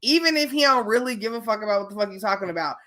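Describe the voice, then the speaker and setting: Bright-voiced Chicago woman, animated chat. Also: medium pitch, very fast. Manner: animated, profane, laughs often. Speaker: podcast co-host. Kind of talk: casual chat.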